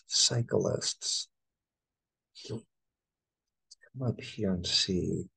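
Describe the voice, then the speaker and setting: A man's voice: fairly low pitch, slow, gravelly, pauses often, slightly rough, poor audio. A middle-aged American man, an English teacher, going through test answers and spelling words out letter by letter. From United States.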